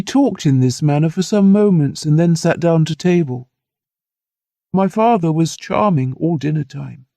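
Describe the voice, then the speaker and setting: Male audiobook narrator, steady and earnest, gravelly, dry close sound. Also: fairly high pitch, unhurried, dry recording. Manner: earnest, steady first-person storytelling. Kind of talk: scripted narration of a classic novel.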